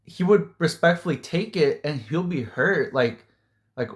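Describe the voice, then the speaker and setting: A man's voice: a little high, animated, normal speed. A man giving a casual, heated movie-review rant, rambling and full of fillers like "like" and "dude".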